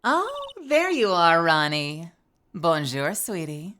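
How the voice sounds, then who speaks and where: A woman's voice: on the low side, very animated, takes it slowly, voice pushed down. A woman voicing a doting, sultry wife who sprinkles in French words, over background music. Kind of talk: dramatic game reading.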